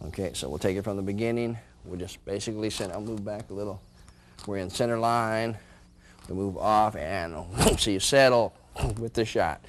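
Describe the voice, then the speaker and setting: Male martial arts instructor, lowish voice, calls moves aloud as he demonstrates, chuckles between steps, recorded indoors. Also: a little hiss or hum. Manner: calls out moves while performing them. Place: indoor training room.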